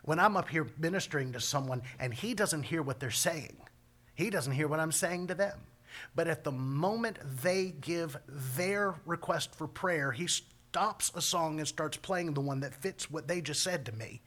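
Pastor guy preaching, folksy and chatty, bright ringing voice kinda high. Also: normal speed. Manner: folksy, conversational preaching with Southern colloquialisms. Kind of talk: sermon.

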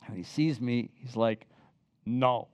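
An older man telling a personal travel story in a lively, chatty way, often turning to the listeners to share a memory. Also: a little high, a little slow, clear, resonant tone, dry recording. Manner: animated, chatty, asks the listeners to remember with him.

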